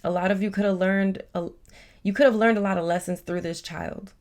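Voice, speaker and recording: A woman giving a casual, chatty tarot reading, warm and emotional, with many fillers. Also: medium pitch, fairly even intonation, a little fast. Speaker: tarot reader.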